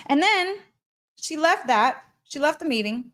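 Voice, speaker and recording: A woman hosting a podcast, telling a story in an excitable, emphatic way, repeating phrases and laughing often. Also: very high-pitched, measured pace, pauses often. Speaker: podcast host. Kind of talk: animated storytelling monologue.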